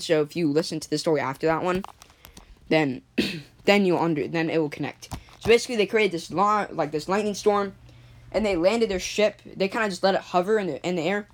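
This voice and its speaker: A woman with a somewhat low voice tells an improvised story in a loose, rambling way. She backtracks and restarts often, and keeps clearing her throat from a cough. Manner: rambling, many fillers and restarts.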